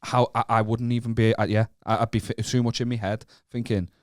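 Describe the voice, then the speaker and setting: A man's voice: mid-range voice, level tone, a little fast, no echo, studio quality. A man from northern England co-hosting a podcast, speaking hesitantly and mocking himself as he stumbles over his words. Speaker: podcast co-host. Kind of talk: casual chat.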